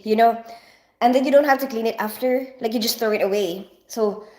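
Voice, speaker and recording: A woman in her forties from the Philippines, chatting casually with viewers on a home livestream, with a stuffy nose from allergies and a rambling, filler-heavy way of talking. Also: medium pitch. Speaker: livestream host. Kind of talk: casual live chat with viewers.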